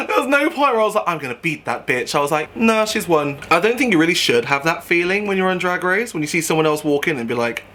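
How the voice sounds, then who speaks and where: A man's voice: on the high side, sing-song, quick pace, few pauses, pushed and bright. A young man and drag performer chatting casually and campily while doing a makeup tutorial, laughing often as he gossips.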